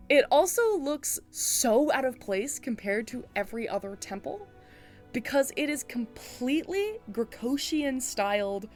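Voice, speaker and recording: A woman's voice: high voice, very animated, measured pace, darkish tone, faint music behind. Woman game master narrating casually. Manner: casual descriptive narration full of "um" and "like".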